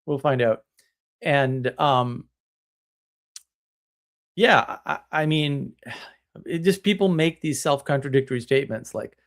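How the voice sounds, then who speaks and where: A man's voice: medium pitch, takes it slowly, long pauses. A man hosting a live stream, ranting in a casual, blunt and scornful way, with sarcastic laughs. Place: home, drinking tea on stream.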